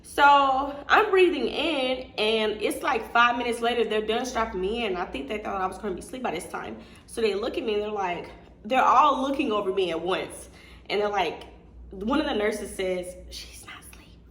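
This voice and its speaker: A woman's voice: fairly high pitch, normal speed, a bit bright. A young adult woman vlogger casually telling a candid story, chatty and full of fillers and laughter. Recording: echoey room with faint noise.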